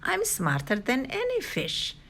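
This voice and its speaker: An excitable little girl, cocky and sure of herself, from a children's storybook, pitched well above the reader's own voice, as a woman reads her part. She talks slowly, with a gravelly edge underneath. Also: heavily acted. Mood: boastful.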